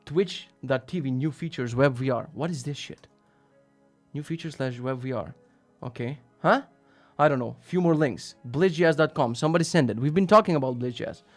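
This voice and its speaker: A man hosting a live stream, reading out viewer links and reacting in a casual, profane, sarcastic way, jumping between loud rants and muttered asides. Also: mid-range voice, a little fast, no room sound, faint music behind.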